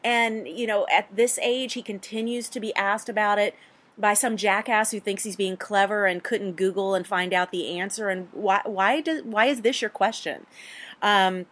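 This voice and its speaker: A woman hosting an advice show for actors, talking in a blunt, animated way with mild swearing. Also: mid-range voice, normal speed. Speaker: host; casting coach. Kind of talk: advice talk.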